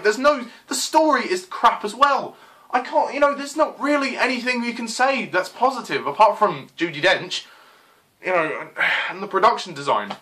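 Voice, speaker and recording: A film reviewer in full rant mode, a man who swears freely and keeps stumbling through fillers. His voice sits a little high and sounds bright and forward, and his pitch leaps around as he gets worked up. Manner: exasperated, swearing, lots of fillers.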